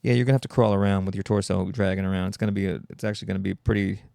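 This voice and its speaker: Gravelly, sarcastic male podcast host. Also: sits low, little pitch movement, racing, dark tone, no echo, clean studio sound. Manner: sarcastic, rambling, mocking. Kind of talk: solo comedic podcast monologue.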